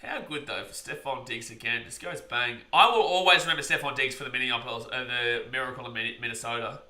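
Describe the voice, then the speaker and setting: A man giving live play-by-play reactions on a stream, chatting with viewers and shouting over big plays. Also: medium pitch, fast, reverberant.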